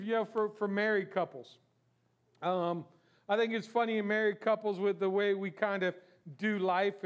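This pastor's voice is strikingly high; delivering his sermon in the sanctuary, he keeps things casual and conversational, often putting questions to the people in the pews.

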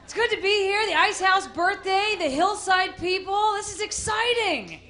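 A woman's voice: very high voice, expressive, normal speed, sharp tone, a faint crowd. A young woman from Texas with a Texan accent, performing a self-deprecating stand-up comedy set on a club stage. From Amarillo, Texas. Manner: drawling, self-deprecating storytelling with frequent laughs. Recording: live club recording with audience noise.

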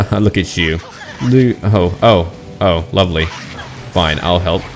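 A man's voice: low voice, slow pace, soft background music. A man casually commenting on his online role-playing game, chatty and self-mocking about getting lost. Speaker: gaming channel host.

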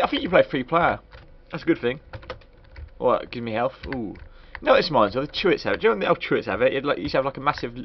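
A man giving a crude, rambling, joking commentary while reviewing a video game. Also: a little high. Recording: dull lo-fi recording.

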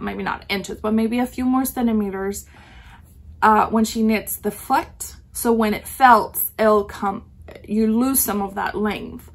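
A woman's voice: fairly high pitch, a bit bright. A woman hosting a knitting podcast, chatting casually in a rambling way, full of ums and self-corrections. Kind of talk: casual chat.

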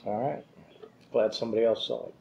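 A man's voice: lowish voice, steady tone, fairly quick, gravelly, muffled recording, noisy background. A man co-hosting a whiskey and cigar review, chatting casually with dry, sarcastic humor. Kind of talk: casual chat.

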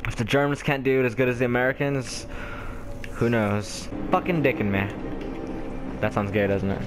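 A young man giving loud, profane gameplay commentary, often swearing and laughing as he plays. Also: medium pitch, a little fast, noisy background. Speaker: gamer.

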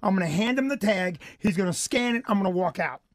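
High-voiced animated comic storyteller man. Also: fast, no room sound. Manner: animated, acts out other people in the story. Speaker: comedian guest. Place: radio studio.

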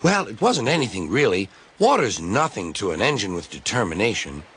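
A man's voice: lowish voice, sing-song, a little fast, a bit bright, breathy edge, exaggerated voice. A man voicing a cheeky, boastful young male tank engine in a fan-made storybook reading, talking eagerly and cockily. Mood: cocky. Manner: eager, cocky, pleading when in trouble. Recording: music playing underneath.

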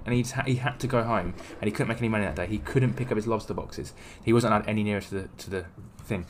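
A man with a lowish voice hosts a laid-back podcast, rambling through anecdotes and acting out the people in them. A faint hiss of room noise sits under his voice. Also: very fast, few pauses. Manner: rambling storyteller, acts out quoted people. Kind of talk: casual chat.

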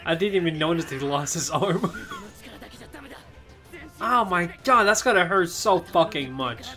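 An anime reaction host giving live commentary, excitable, exclaiming, laughing and swearing often. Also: mid-range voice, unhurried, faint music behind.

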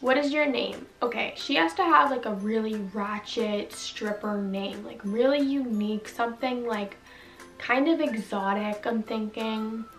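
A woman's voice: fairly high pitch, unhurried, fairly bright tone, recorded from a distance. A young woman giving sarcastic, chatty commentary while playing a story game and reading its lines aloud. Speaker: gaming vlogger. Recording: echoey room, voice off-mic, music behind.

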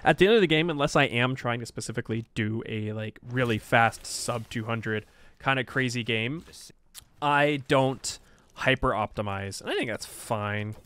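A man's voice: medium pitch, normal speed, fairly bright tone, no room sound. Chatty self-mocking male gamer. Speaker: game streamer. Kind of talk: casual gameplay commentary.

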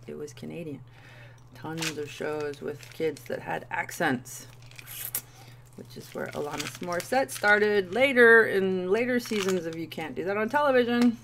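A woman's voice: mid-range voice, background noise. A woman in her thirties doing a playful candy review vlog, with goofy asides. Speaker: vlogger.

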